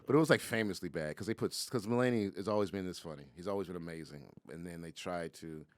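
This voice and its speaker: A comedian in his forties telling stories casually on a podcast, animated and quick. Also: low-pitched, no room sound, clean studio sound. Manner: animated, fast storytelling with acted-out quotes. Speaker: comedian guest.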